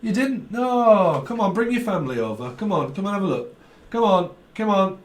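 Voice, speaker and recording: A showy TV game-show host teases a losing contestant, as a man puts on the voice. The voice is pitched well above the speaker's own, loud and sing-song. It is recorded in an echoey room. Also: lively intonation, moderate pace, slight background noise. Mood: mocking. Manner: mocking, showy, repetitive.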